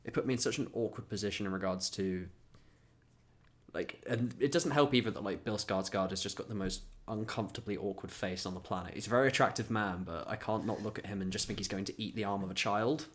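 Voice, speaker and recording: A man's voice: fairly low pitch, fast talker. A man co-hosting a casual podcast, rambling with restarts and prodding the others for stories. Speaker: podcast co-host. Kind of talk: casual chat.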